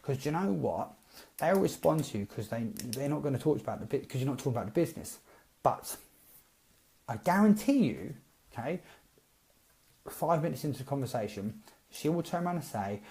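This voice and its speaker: Chatty man with a mellow voice. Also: medium pitch, a little fast. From Britain. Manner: chatty, animated, acts out both sides of text chats. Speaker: network marketing coach. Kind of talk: casual live-stream advice.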